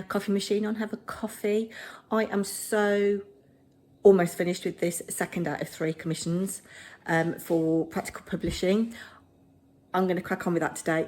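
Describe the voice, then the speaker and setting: A woman's voice: lowish voice, darkish tone. A middle-aged woman vlogging at home. She is chatty and self-deprecating and rambles casually. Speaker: vlogger, drama teacher.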